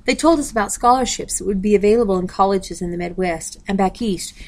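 A woman's voice: medium pitch, fast talker, a little mellow, natural voice. A woman reading aloud, voicing an earnest young male student in a storybook.

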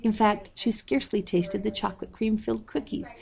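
A woman reading a story aloud at a measured pace, calling out page numbers as she goes. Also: mid-range voice, steady tone, creaky, darkish tone. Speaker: audiobook reader.

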